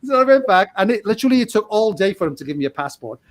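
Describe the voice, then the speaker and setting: A man with a fairly high voice tells a long anecdote as a podcast guest, his sentences restarting and spilling into each other. He breaks into laughter mid-phrase again and again and shifts his voice for the people he quotes. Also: big pitch swings, racing. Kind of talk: casual storytelling.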